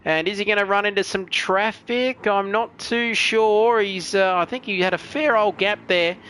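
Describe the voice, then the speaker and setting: Chatty commentator with a high, bright voice, over a faint background hiss. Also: male voice, fairly even intonation, moderate pace. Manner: chatty, joking, reads chat messages aloud. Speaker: race commentator. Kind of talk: sim racing commentary.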